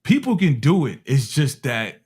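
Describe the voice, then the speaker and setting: A middle-aged man from Harlem, telling animated, slangy stories in casual chat and acting out the voices of people in them. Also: mid-range voice, normal speed, husky. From Harlem, New York. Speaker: music producer telling stories on a talk show.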